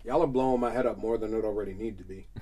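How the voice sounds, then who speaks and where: A man hosting a podcast, telling profane, animated stories in casual chat on a studio mic. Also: lowish voice, racing, breathy edge, distant mic. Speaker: podcast host. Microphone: studio microphone with headphones.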